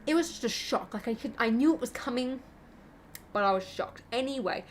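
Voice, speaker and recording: A woman's voice: fairly high pitch, lively intonation, brisk, slight background noise. A young woman, hosting a gaming channel and chatting casually over gameplay in a rambling way, full of fillers.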